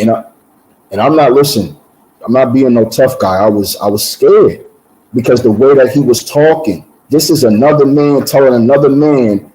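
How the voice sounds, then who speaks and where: Man with a mellow voice telling his story. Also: mid-range voice, normal speed, low-quality recording. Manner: animated storyteller, repeats words, acts out voices. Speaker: guest giving testimony. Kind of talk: personal testimony in casual conversation.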